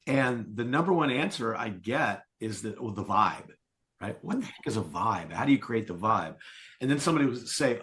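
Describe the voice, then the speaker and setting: A middle-aged man speaking as a sales coach in a podcast interview, telling stories and acting out quoted lines with lively voices. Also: mid-range voice, a little fast. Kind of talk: conversational interview.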